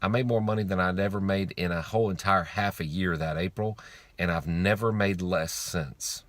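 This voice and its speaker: Man with a low, bright, forceful voice, preachy monologue style, dry close sound. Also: moderate pace, dry recording. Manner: preachy, emphatic, repeats lines for effect; blunt, swears casually. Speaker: online speaker on faith and money. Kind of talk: informal motivational monologue.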